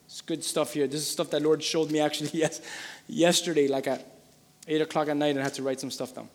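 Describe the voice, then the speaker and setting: High-pitched guy preaching, really fervent, keeps repeating stuff, big echoey hall. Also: flat delivery, quick pace. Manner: fervent, repeats phrases for emphasis, builds to shouting. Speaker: pastor. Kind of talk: sermon.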